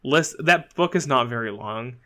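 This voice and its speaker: A chatty man co-hosting a podcast, his voice bright and forward. He talks loosely, full of fillers and restarts, and laughs easily as he goes. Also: medium pitch, lively intonation, normal speed. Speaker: podcast co-host. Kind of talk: casual chat.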